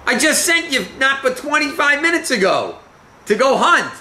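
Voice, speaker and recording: Guy doing a squeaky old dad voice, suspicious, bouncing all over. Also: fairly quick. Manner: animated, exclaiming. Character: old blind father, puzzled and suspicious.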